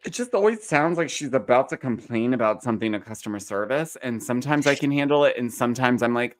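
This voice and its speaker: A man's voice: mid-range voice, animated, fast talker, hardly any pauses. A man hosting a podcast recap in casual, campy, sarcastic chat. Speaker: podcast host.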